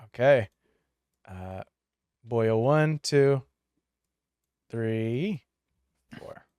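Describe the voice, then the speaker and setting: A man serves as game master, talking players through their turns and dice rolls at an easy, conversational pace. His voice sits at an ordinary middle pitch. The recording is close and dry, with no room sound. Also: extremely slow, smooth, no echo. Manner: relaxed, explaining rules and calling turns. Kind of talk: running a tabletop game, casual.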